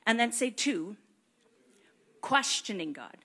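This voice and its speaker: A woman preaching a sermon, animated and conversational, acting out prayers and questions to God. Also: fairly high pitch, slow, husky. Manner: animated, acts out prayers and voices in quotes.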